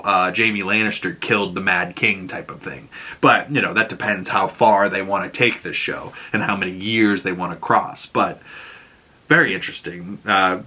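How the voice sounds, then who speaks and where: A man hosting a casual TV episode recap, excitable and quick to laugh and swear. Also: fairly low pitch, husky. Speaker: show host.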